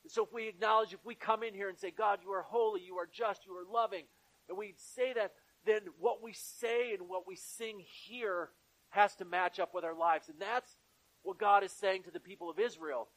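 A man's voice: high-pitched, steady tone, normal speed, fairly bright tone, poor audio. A man preaching to his congregation in a church, earnest, building his points through repeated phrases. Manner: earnest, repetitive preaching cadence. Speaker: pastor. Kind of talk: sermon.

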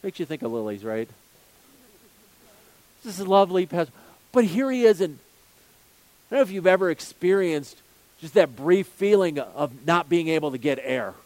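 A man's voice: a little high, very animated, normal speed, pauses often, darkish tone, no room sound. A male pastor preaching a sermon, earnest, building his points with repeated phrases and rhetorical questions.

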